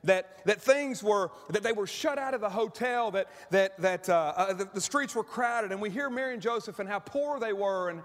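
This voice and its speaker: A man's voice: sits high, moderate pace, hardly any pauses, a bit bright. A middle-aged man preaching a sermon as pastor, conversational and emotional, often restarting his sentences. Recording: church hall with long reverb.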